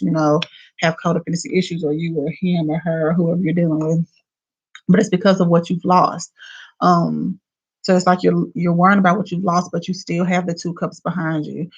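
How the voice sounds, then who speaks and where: A woman's voice: fairly low pitch, breathy edge, muffled recording. A woman with a Southern US accent giving a live oracle card reading in a casual, chatty way, full of fillers. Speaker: tarot reader.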